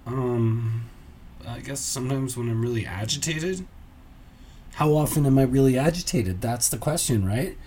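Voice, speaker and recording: A man's voice: medium pitch, normal speed, dark tone, slight background noise. A man hosting a solo comedy podcast, musing in a dry, self-mocking way with muttered asides. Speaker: podcast host.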